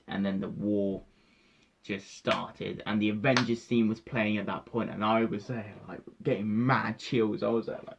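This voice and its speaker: A young man recounting a film in excited casual talk, swearing freely and acting out his own reactions. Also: fairly low pitch, normal speed, creaky, lo-fi sound, noisy background. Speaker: vlogger reviewing a film.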